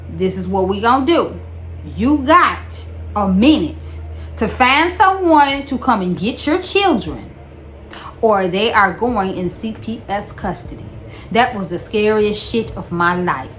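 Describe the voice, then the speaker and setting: A young woman tells a wild story from her own life in a loose, animated vlog voice. She swears freely and circles back on her words, repeating lines to hammer them home. A faint hum of room noise sits under her voice. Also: medium pitch. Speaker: vlogger. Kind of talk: casual storytime.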